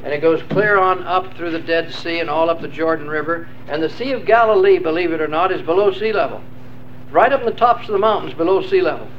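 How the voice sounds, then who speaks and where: A man's voice: on the high side, fast. An older man teaching a class in a rambling lecture, quizzing his listeners with questions and many fillers. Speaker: religious teacher. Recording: dull lo-fi recording with faint hiss.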